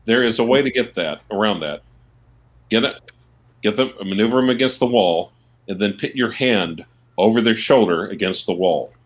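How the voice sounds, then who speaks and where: A man calls in for a casual chat and makes his case point by point. His voice sits somewhat low. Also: moderate pace. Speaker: caller.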